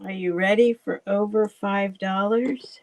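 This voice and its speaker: A woman hosting a casual live vintage sale, chatty and rambling, laughing often and thinking out loud. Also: medium pitch, steady tone, measured pace, rough recording. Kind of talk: casual live selling chat.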